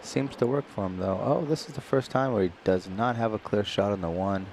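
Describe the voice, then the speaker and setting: A deep-voiced man from Singapore talks through a nine-ball match in live commentary. He is relaxed and chatty, walking through each shot's options. A faint hiss sits under the recording. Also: fairly quick. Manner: relaxed, chatty, explains shots in detail. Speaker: pool commentator.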